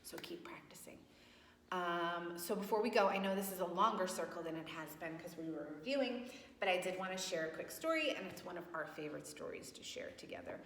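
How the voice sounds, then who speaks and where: A woman's voice: lowish voice, expressive, a little fast, fairly bright tone, a little hiss or hum. A woman teaching young children letter sounds at circle time, asking patient questions and praising answers. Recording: echoey room with long reverb.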